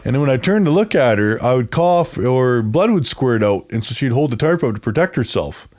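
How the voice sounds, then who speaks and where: A man's voice: medium pitch, expressive, brisk, a little mellow. Rambling man telling a story. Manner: rambling, acts out quoted voices, laughs often. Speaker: guest telling his story. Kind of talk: casual storytelling.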